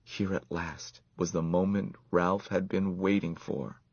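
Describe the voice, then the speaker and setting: A man reading a children's story aloud in an expressive, measured way. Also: deep voice, husky, dry recording, dull audio.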